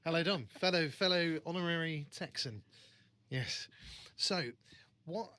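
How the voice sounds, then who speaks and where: A man's voice: on the high side, measured pace. A man co-hosting an interview, asking questions with frequent restarts and repeated words. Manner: warm-hearted, stumbles and repeats words.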